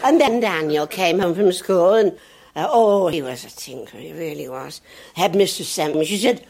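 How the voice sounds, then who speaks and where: A woman's voice: expressive, moderate pace, gravelly, darkish tone, husky. An older English woman doing stand-up, telling family anecdotes in a chatty, jokey way and laughing at her own punchlines. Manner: jumps high in pitch when doing children's and others' voices. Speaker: comedian. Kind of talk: stand-up storytelling. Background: audience laughter.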